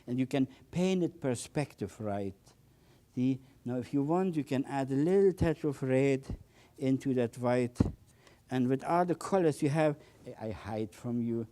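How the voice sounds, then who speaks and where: A man's voice: medium pitch, expressive, unhurried, mellow. An older man demonstrating oil painting with a palette knife, talking with bursts of enthusiasm, repeating words and exclaiming over the results. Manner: enthusiastic, exclaims often, repeats words, non-native phrasing. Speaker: painting instructor.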